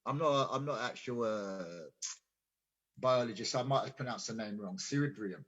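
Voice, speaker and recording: A man's voice: mid-range voice, moderate pace, fairly bright tone. A man giving an earnest, explanatory guest talk on a radio show, often repeating and restarting words. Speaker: invited guest speaker. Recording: dull lo-fi audio.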